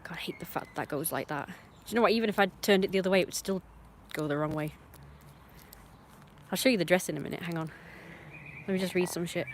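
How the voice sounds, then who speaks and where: A woman ranting on her livestream in a blunt, rambling way, swearing often and swinging between muttering and loud outbursts. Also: lowish voice, fast talker, long pauses, a little hiss or hum. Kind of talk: casual livestream rant.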